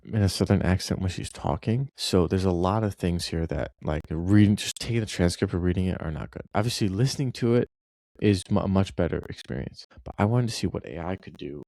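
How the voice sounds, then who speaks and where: Low-voiced man reading a story aloud. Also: a little fast, vocal fry, warm tone, no room sound. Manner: conversational, loose asides between read passages. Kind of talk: reading aloud with casual commentary.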